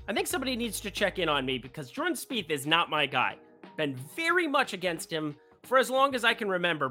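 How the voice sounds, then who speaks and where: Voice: mid-range voice, sharp tone. A sports betting host giving casual golf picks in an upbeat, jokey way, often ending phrases with a rising, question-like lilt.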